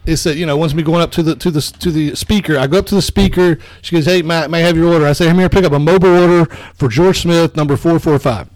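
A man tells a comedic story on a podcast, animated and quick to swear. His voice sits fairly high and sounds dry and close to the mic. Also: dry recording. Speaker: podcast co-host. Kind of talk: casual comedic chat.

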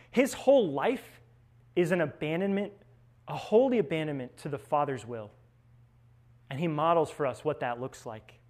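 A young man, a seminarian, giving a conversational spiritual reflection, telling stories and often checking in with tag questions. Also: a little high. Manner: storytelling, with frequent tag questions.

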